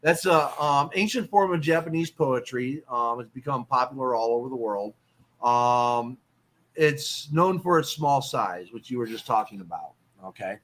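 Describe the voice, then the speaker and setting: Male host, mid pitch, easygoing teacher-like explainer on a casual podcast. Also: normal speed, a bit bright. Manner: explains terms, checks in with "okay?". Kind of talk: casual poetry talk.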